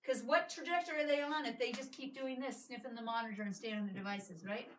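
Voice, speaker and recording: A woman chiropractor giving a live workshop to patients, energetic and coaxing, often checking in with "right?". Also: a little high, fast talker, a little hiss or hum. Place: clinic room with a small audience. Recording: echoey room, mic at a distance.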